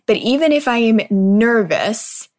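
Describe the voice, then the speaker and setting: A woman's voice: a little high, a little slow, a little mellow. Earnest woman giving a casual motivational talk. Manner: earnest, conversational, often checks in with "right?".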